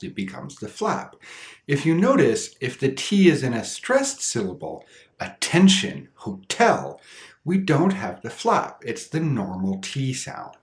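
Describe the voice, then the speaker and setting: Slow, lively-voiced English teacher, man. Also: mid-range voice. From Canada. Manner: slow, careful, demonstrates sounds with repeated example words. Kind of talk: scripted pronunciation lesson.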